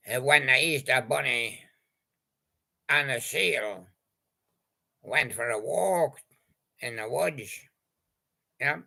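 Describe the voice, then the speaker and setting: Brief: gravelly, bright-edged male storyteller, slow and meandering. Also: mid-range voice. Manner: rambling and hesitant, full of pauses. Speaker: toy-story narrator. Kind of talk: casual improvised storytelling with toys.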